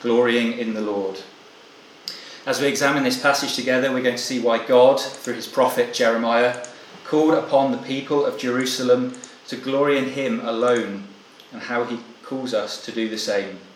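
A preacher, a man delivering a sermon to his congregation in an echoey hall. His voice sits at an ordinary middle pitch, and he speaks in an earnest, measured way that sometimes stalls and restarts. A faint ambient hum hangs behind him. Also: fairly even intonation. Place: church meeting hall.

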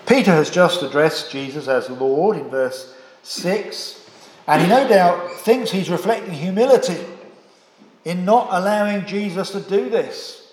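A man delivers a sermon in a measured, emphatic way, often turning points into rhetorical questions. His voice sits a little high for a man. The sound is roomy, with a long reverb from a large hall. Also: animated. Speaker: preacher. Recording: echoey hall.

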